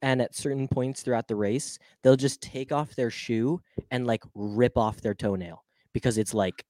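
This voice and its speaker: A man with a medium-pitched, slightly mellow voice and fairly even intonation speaks at normal speed in a studio-quality recording with no room sound. He's co-hosting a casual podcast chat, playful and rambling, and laughs often.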